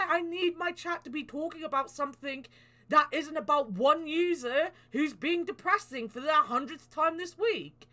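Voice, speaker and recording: A woman hosting a podcast in casual chat, animated and swearing freely. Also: high-pitched, moderate pace. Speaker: podcast host.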